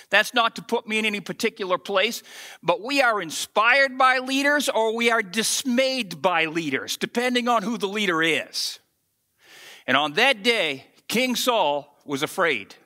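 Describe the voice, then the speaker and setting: A male pastor preaches with lively storytelling, acting out the characters as he goes. His voice sits high and sounds sharp and bright. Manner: animated storytelling, acts out the scripture. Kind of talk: sermon.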